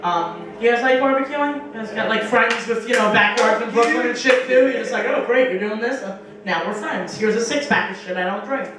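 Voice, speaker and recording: A woman's voice: on the high side, a little fast, hardly any pauses, crowd noise. A young woman doing a stand-up comedy set in a small bar, telling profane stories with acted-out quotes. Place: small bar stage with a live audience. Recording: echoey room, mic from far off.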